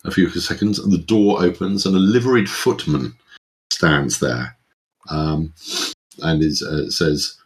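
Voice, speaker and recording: Very deep-voiced male game master. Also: steady tone. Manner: hesitant, halting narration. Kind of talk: narrating a tabletop game.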